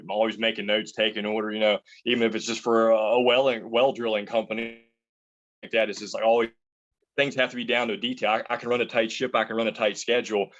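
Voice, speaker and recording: A low-pitched man answers interview questions in a loose, rambling way, often restarting sentences as he tells stories from kitchens. The audio is dull and lo-fi. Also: fairly bright tone. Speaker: chef and entrepreneur.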